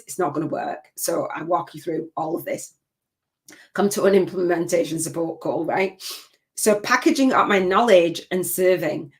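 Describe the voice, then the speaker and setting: An older woman from the United Kingdom, a spiritual business coach giving a live masterclass talk in an emotional, rambling and heartfelt way, with restarts. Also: lowish voice.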